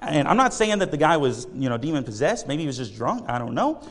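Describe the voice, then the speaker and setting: A man's voice: fairly high pitch, big pitch swings, fast, vocal fry, fairly bright tone, big-room sound. A man preaching a sermon, telling a story in a casual, rambling way with many fillers.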